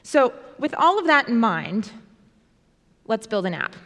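A woman on a conference stage, talking quickly and playfully as she codes live. Her higher voice swings widely in pitch. A long hall reverb trails behind each phrase. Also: big pitch swings, fairly bright tone. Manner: fast, playful, self-deprecating. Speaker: conference speaker. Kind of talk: live-coding conference talk.

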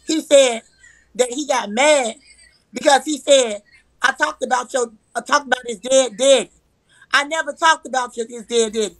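A woman's voice: sits high, moderate pace, no echo, low-quality recording. A woman telling a heated personal story, emphatic and profane, acting out the arguments she quotes. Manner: profane, repetitive. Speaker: live-stream guest.

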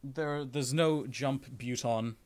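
A man's voice: mid-range voice, takes it slowly, darkish tone. A man streaming a video game, giving casual commentary with sarcastic, swearing jokes.

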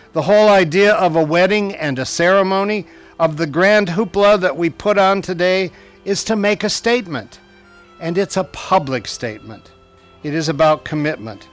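A man leads a wedding ceremony, speaking in a calm, measured way. His voice sits a little high, and faint music plays behind him. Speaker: wedding officiant. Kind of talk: officiating a ceremony.

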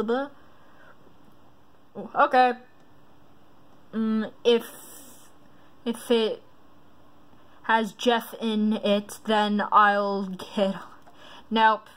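Woman vlogger, fairly high voice, unhurried, reads quiz aloud, chatty and rambling. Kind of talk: casual quiz commentary.

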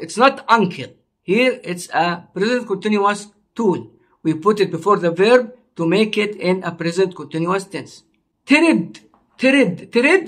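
High-voiced man teaching a language slowly. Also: fairly bright tone. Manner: slow, repetitive explaining, drawing out words. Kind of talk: online language lesson.

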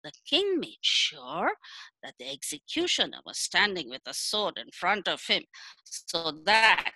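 A woman narrating a children's folk tale with a lively, swooping melody and an unhurried, drawn-out delivery. Her voice is bright and clear, and the recording is dry and close. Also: on the low side, no echo, rough recording. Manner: animated, dramatic, drawn-out phrasing. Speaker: storyteller. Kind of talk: children's storytelling.

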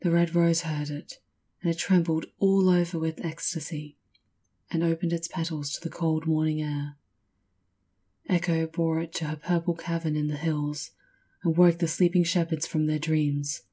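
Low, husky woman reading a fairy tale. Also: flat delivery, mellow. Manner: measured, lyrical. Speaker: storyteller. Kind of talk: scripted storybook narration.

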